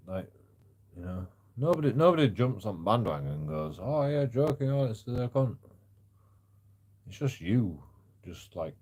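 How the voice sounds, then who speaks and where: A man with a deep, husky voice rants on a live stream. He stammers through his sentences and swears often. His volume jumps from loud bursts down to low mutters. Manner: stammering, profane, swings between loud and muttered. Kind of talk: rambling live-stream rant.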